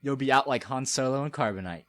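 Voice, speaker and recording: A podcast co-host chiming in with quick quips in casual chat. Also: medium pitch, a bit bright.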